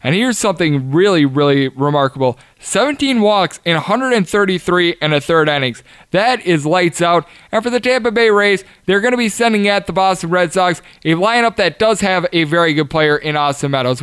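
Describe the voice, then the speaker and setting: A man hosts a sports betting show, firing off statistics and odds at speed with emphatic punches. His voice sits a bit high for a man, smooth and clear, recorded dry and close with no room sound. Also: a bit bright, no room sound. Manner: rattles off stats quickly, emphatic. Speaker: sports betting podcast host. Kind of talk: fast scripted-style sports betting analysis.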